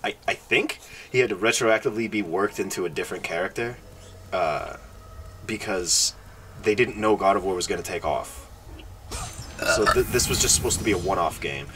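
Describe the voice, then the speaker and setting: A man's voice: deep voice, moderate pace, fairly bright tone, recorded from a distance, a little hiss or hum, low-quality recording. A man co-hosting a gameplay podcast, talking casually in a rambling, jokey way full of fillers. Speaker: gaming podcast co-host.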